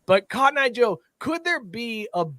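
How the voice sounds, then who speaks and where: A man's voice: extremely high pitch, normal speed, no room sound, clean studio sound. A man co-hosting a casual sports podcast, telling stories and laughing as he goes. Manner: lively storyteller who laughs mid-sentence. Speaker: podcast co-host. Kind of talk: casual chat.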